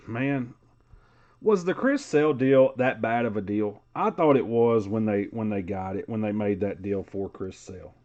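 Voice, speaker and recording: A man's voice: lowish voice, darkish tone, lo-fi sound. A man hosting a live sports card break, calling out player names in a casual, chatty way.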